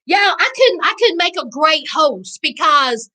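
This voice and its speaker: A woman with a Southern US accent hosts a casual live recap, answering chat in a sassy, animated way. Her voice sits very high. It sounds bright and forceful. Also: unhurried, low-quality recording. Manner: sassy, animated, calls viewers child and honey. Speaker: livestream host reading chat.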